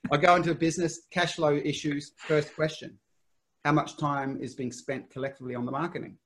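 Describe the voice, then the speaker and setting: A man's voice: on the high side, level tone, a bit bright. A middle-aged man talking through business and marketing rules of thumb in a casual chat, often restarting his sentences and laughing at himself. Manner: quick, laughing, self-interrupting explanations.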